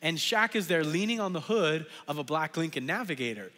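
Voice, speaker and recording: Bright-voiced, animated pastor in a reverberant hall. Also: male voice, on the high side, brisk. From Southern California. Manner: chatty, animated storytelling with many fillers. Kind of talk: storytelling sermon. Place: church sanctuary.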